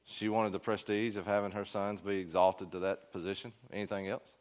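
A man's voice: deep voice, flat delivery, fairly quick. A man teaching a Sunday school Bible class, asking the room questions and joking with his students in a folksy way. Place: church classroom.

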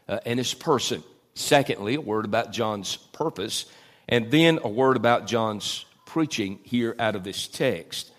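A middle-aged man preaching a sermon, with many "uh" fillers and rising emphasis. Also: on the low side. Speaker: pastor.

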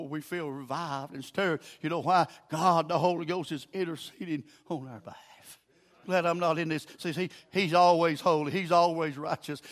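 Older southern preacher guy, high bright voice, folksy, goes hushed then hollers. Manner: folksy storytelling, swings from hushed to shouting. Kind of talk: sermon.

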